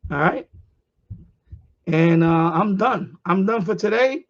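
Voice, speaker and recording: A man's voice: high voice, lively intonation, takes it slowly, gravelly, highs cut off. A man ranting on his live stream, profane and heated, repeating himself.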